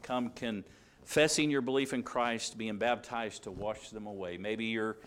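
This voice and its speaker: A man's voice: lowish voice, steady tone, measured pace, fairly bright tone. A man preaching a sermon at a church service, emphatic and repeating key phrases, acting out quoted dialogue with drama.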